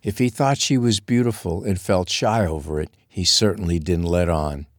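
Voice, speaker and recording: A man reading a romance novel aloud as narrator, in a steady, measured way. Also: sits low, no echo, studio quality. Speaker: audiobook narrator. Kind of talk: scripted narration.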